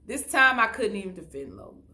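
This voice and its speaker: A woman's voice: mid-range voice, sing-song, fairly quick, bright, forceful tone. A woman giving a casual, chatty recap of a TV episode, often retelling scenes in quoted dialogue. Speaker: YouTube reality-show recapper.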